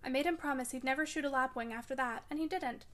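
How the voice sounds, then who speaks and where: A woman's voice: sits high, fast, natural voice. A woman reading a feverish wild young lady. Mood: dreamy. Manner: dreamy, frightened, pleading. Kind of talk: audiobook reading.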